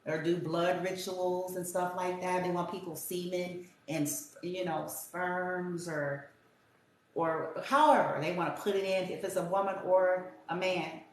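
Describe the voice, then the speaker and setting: A woman's voice: fairly low pitch, little pitch movement, a little slow. A woman giving a casual tarot reading in a blunt, profane, rambling rant. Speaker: tarot reader. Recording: very echoey room with faint hiss.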